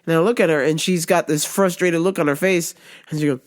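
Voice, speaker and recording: A woman's voice: low voice, steady tone, brisk. A woman hosting her show, telling a comic story in casual chat, profane and laughing often. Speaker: show host.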